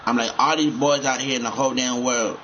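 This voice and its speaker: A man's voice: medium pitch, steady tone, brisk, a bit bright. Male gamer, loose profane rambling commentary, dull lo-fi sound, faint room hum. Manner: rambling, profane, repeats himself.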